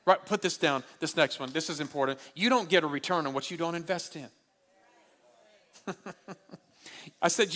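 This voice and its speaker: Bright-voiced preacher in a reverberant hall. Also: male voice, a little high, moderate pace, pauses often. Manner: animated, humorous preaching with repeated key lines. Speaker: pastor. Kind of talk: sermon at a marriage conference.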